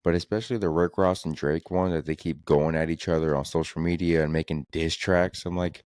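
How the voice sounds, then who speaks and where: A man's voice: very deep voice, fairly even intonation, a little fast, hardly any pauses, a little mellow, dry recording, studio quality. A young man hosting a solo comedy podcast, rambling through exasperated, profane rants about the news. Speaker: podcast host.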